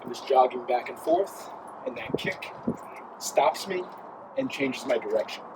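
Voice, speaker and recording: A man's voice: medium pitch, expressive, unhurried, noisy background. A man teaching a dance step, explaining and counting the beats aloud as he demonstrates. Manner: counts steps aloud while dancing. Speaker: dance instructor. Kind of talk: dance tutorial while demonstrating.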